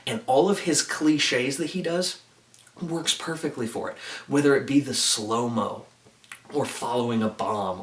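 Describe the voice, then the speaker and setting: A man's voice: medium pitch, a bit bright. A man giving a casual, earnest and enthusiastic movie review, often saying "like". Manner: earnest and enthusiastic, with frequent "like" fillers. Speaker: film reviewer. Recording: roomy echo, distant from the mic.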